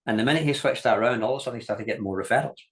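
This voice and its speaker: A man teaching a business masterclass, telling lively stories, acting out quoted voices and laughing often, and repeating key points with direct emphasis. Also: medium pitch, very fast. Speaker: business coach.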